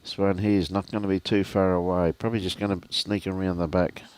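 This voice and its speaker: An older Australian man doing relaxed, chatty live commentary on a lawn bowls match, greeting viewers by name. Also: sits low, a little fast, clean tone. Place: outdoor bowls club.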